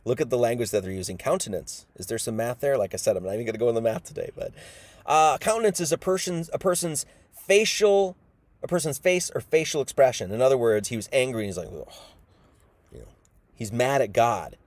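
A man's voice: mid-range voice, animated, quick pace, a little mellow, no room sound. A man giving an informal Bible sermon, casual and emphatic, acting out the people he quotes. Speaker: preacher.

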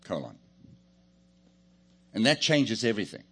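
A man's voice: lowish voice, measured pace, breathy edge. A man preaching a sermon, joking and calling on the congregation to answer back. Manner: lively, joking, calls on the congregation. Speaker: pastor.

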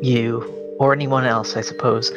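A man's voice: medium pitch, little pitch movement, moderate pace, highs cut off, over music. A man playing a tabletop game, speaking in a mild, hesitant way. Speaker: player. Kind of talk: casual tabletop play.

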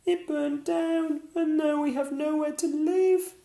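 A man voicing a small, squeaky mother mouse in a read-aloud picture book, in a very high, slow, pleading voice. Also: level tone, creaky, warm tone, echoey room, exaggerated voice. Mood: worried.

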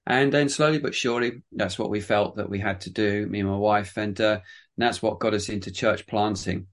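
A man with a lowish voice tells his story in an interview. He is a pastor and church planter from England. His telling rambles along, full of restarts and self-deprecating asides. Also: steady tone, fairly quick.

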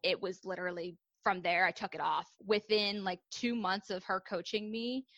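A woman's voice: mid-range voice, steady tone, moderate pace, fairly bright tone, no room sound. A young adult woman, a fitness coach, telling her story in a casual, candid podcast interview, with many ums and likes.

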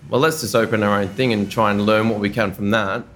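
A young adult man with an Australian accent, a chef talking about his career as a podcast guest in a relaxed, chatty way with lots of fillers. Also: on the low side, a little fast, a little hiss or hum. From Brisbane, Australia. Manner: easygoing and chatty, with relaxed slang and frequent fillers. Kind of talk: casual conversational interview.

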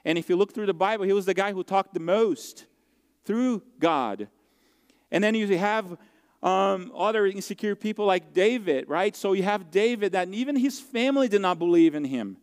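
A male pastor delivers a sermon in a slightly raised, smooth and resonant voice. He speaks earnestly, often circling back and restarting his sentences. His words ring out with a long reverb in a large hall. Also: high voice, lively intonation. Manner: earnest, heartfelt storytelling with halting restarts.

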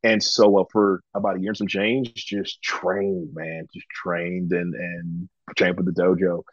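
A low-pitched man from Georgia recounts his story in an easygoing interview, sprinkling in ums and voicing the people he quotes. The recording is dry and close but somewhat dull and muffled. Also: measured pace, no room sound. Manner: relaxed, chatty, frequent ums, acts out quoted dialogue. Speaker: guest, professional wrestler.

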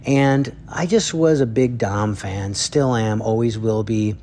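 A man's voice: fairly low pitch, takes it slowly, mellow, a little hiss or hum. A man, a drummer and educator, telling heartfelt stories in a spoken tribute. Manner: earnest storytelling.

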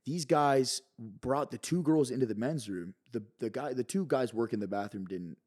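A man, a podcast guest, telling a story in an animated, excitable way, heavy on swearing and filler words. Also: mid-range voice, normal speed, slightly rough. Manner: excitable, profane, peppered with "bro" and "like".

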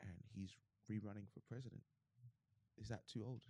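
A young man, chatting casually on a podcast, animated and quick to argue. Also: fairly low pitch, no echo. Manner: animated, argumentative, laughs easily. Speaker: podcast co-host. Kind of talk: casual chat.

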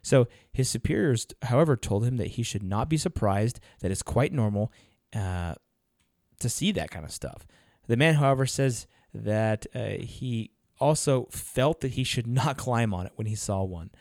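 A man's voice: medium pitch, animated, moderate pace, darkish tone, no room sound, studio quality. Chatty man co-hosting a podcast. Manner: chatty, laughs often, reads notes aloud. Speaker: podcast co-host. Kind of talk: casual chat.

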